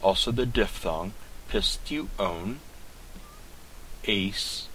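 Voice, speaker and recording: A man leads a pronunciation lesson, carefully sounding out words one syllable at a time. His voice sits very low and he speaks at an extremely slow, measured pace. A faint hiss runs under the recording. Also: sharp tone, low-quality recording. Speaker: Greek tutor.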